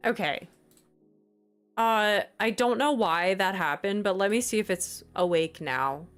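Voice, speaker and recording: A woman's voice: mid-range voice, measured pace, a bit bright, soft background music. A woman streamer chatting casually on a livestream, flustered, exasperated and apologetic.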